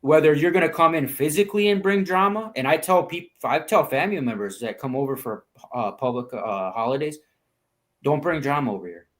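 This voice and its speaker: A man's voice: on the high side, a little fast, hardly any pauses, fairly bright tone. A man chatting on a stream, speaking emphatically and firmly about his views. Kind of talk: casual stream chat.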